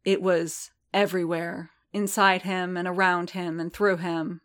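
Woman narrator, storybook reading, measured, unhurried, level intonation, lower voice. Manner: slow, measured, even reading. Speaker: audiobook narrator.

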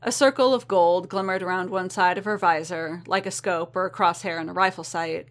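Woman reading a story in a lowish voice. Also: fairly even intonation, fairly quick. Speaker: reader. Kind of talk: scripted storybook narration.

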